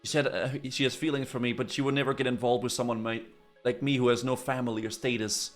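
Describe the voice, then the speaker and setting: A man's voice: mid-range voice, fairly even intonation, quick pace, soft background music, voice pushed down, natural voice. A man voicing a big lovesick talking tomcat, reading game dialogue dreamily. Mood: wistful.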